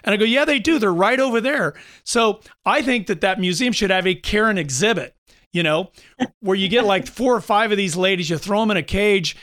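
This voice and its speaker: A man in his fifties hosting a talk show, chatting casually and telling animated stories with mocking impressions of others. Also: sits high, brisk. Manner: animated storyteller, mimics others with mocking voices. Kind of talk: casual opinion chat.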